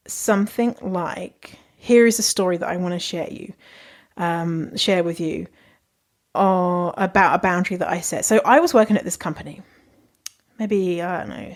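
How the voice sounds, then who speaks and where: Candid woman podcasting. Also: mid-range voice. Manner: candid and chatty, swears freely, laughs often. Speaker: podcast host. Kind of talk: casual advice monologue.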